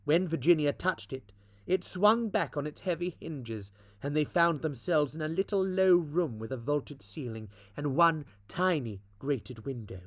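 A man reading a classic story aloud as a podcast storyteller, with expressive, dramatic narration. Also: fairly high pitch, unhurried, no echo.

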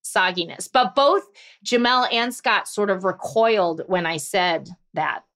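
A woman co-hosting a podcast in casual chat, expressive and quick to laugh. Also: mid-range voice. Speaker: podcast co-host.

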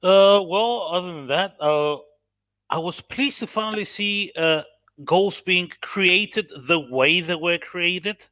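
A man from Cyprus talks football with a bright, fairly high voice. His accent mixes Australian, American and British. He speaks haltingly with many fillers, and the sound is dry and close. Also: dry recording. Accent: mixed Australian, American and British. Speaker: guest caller. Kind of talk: casual football chat.

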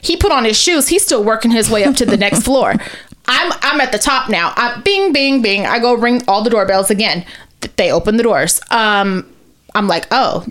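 A woman's voice: a little high, normal speed. A woman co-hosting a podcast, telling a long story in casual, profane chat and acting out the people in it. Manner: animated, profane, acts out quoted people. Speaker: podcast co-host. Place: podcast studio.

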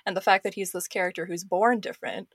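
A woman's voice: medium pitch, steady tone, quick pace, breathy edge, no echo, clean studio sound. A woman speaking as a podcast guest, analysing comics with enthusiasm and many casual fillers.

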